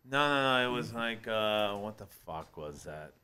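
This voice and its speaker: A man co-hosting a podcast, talking gruffly and profanely as he fumbles for words. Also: fairly low pitch, expressive, unhurried, bright, forceful tone. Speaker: podcast co-host. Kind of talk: casual chat.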